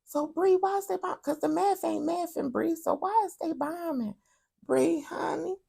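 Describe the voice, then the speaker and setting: A woman slips into a high, hushed, incredulous questioner with gravel in the tone. The voice pokes at the host as if it cannot believe what it just heard. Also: normal speed, exaggerated voice. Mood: puzzled. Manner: high, hushed, mock-puzzled asides.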